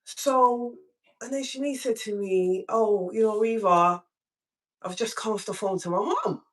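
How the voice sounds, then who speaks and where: A woman hosts a live stream from home in a casual, chatty way. She tells her story with lots of animation and jumps way up in pitch when she acts out what people said. Her voice sits at a middle pitch for a woman. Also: a little slow.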